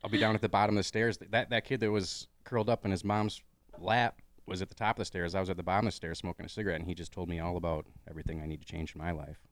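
Deep-voiced man telling a quick story. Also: no echo. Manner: fast, lively anecdote telling. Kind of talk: casual storytelling chat.

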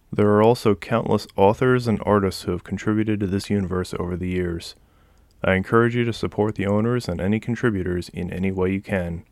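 A man reads a sci-fi audiobook aloud with a steady, measured delivery. His voice sits a little low. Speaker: audiobook narrator. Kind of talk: fiction audiobook narration.

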